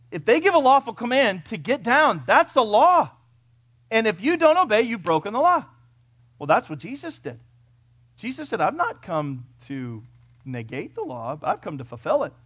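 A male pastor preaching a sermon to a congregation, emphatic, firing rhetorical questions and swinging from loud declarations to hushed points. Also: high-pitched, no echo, lo-fi sound. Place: church before a congregation.

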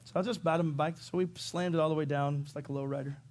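Animated, higher-voiced man preaching a sermon. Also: fast. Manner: animated, acts out quotes with sudden loud shouts. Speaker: pastor.

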